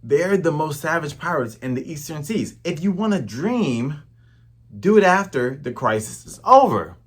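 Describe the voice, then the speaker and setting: A man doing a loud bossy cook barking orders. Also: a little high, very animated, normal speed, slightly rough, voice pushed up. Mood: urgent, bossy.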